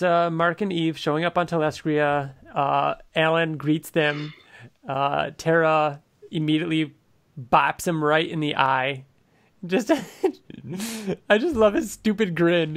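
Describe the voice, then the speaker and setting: A man co-hosting a podcast, recapping a comic in casual chat, enthusiastic and laughing often. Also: on the high side. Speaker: podcast co-host. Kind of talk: casual comic book discussion.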